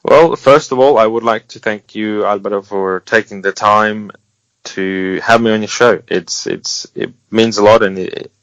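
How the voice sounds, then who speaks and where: A man's voice: lowish voice, measured pace, a bit bright, no echo. A man speaking as an interview guest, giving earnest, encouraging advice with wry humor and some restarts. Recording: dull lo-fi sound, dry.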